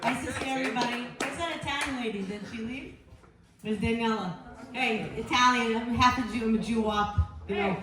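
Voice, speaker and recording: A stand-up comedian with a somewhat high voice talks a little fast through a rambling, crude set, losing her place and laughing at herself. The room is very echoey, and there's background noise.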